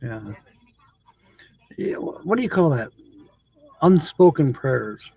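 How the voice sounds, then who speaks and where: A man's voice: on the high side, big pitch swings, slow pace, creaky, a little mellow, slightly rough, no echo. A man hosting a live stream, chatting casually with viewers, laughing often and reading comments aloud.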